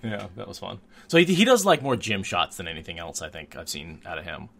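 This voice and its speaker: Podcast host, male, lowish voice, animated, laughs easily. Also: brisk, creaky. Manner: animated, laughs often, restarts sentences. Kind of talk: casual podcast chat.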